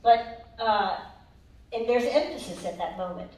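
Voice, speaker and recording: A woman's voice: on the high side, unhurried, a little mellow. A woman dance instructor teaching a live class, upbeat and counting beats aloud to the music. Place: dance hall. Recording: echoey hall from far off, music behind.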